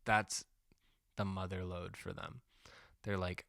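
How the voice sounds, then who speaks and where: Profane rambling man, crisp dry sound. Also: low-pitched, little pitch movement, slow, a bit bright, dry recording. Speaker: podcast host. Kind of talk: comedic rant monologue.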